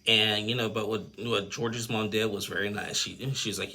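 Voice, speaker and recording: A low-pitched man with a gravelly, husky edge talks through a reality show recap. He rambles and piles on fillers, tossing in blunt opinions and chuckles. His tone has a bright, sharp bite. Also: fairly even intonation, moderate pace. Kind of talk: casual episode recap commentary.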